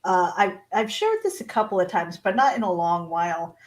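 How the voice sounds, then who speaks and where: A woman guest on an interview show, telling stories in a casual, animated way, laughing often and acting out the voices in them. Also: on the low side, normal speed, a little hiss or hum, low-quality recording. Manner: animated storyteller, laughs often, acts out quotes. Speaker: guest author.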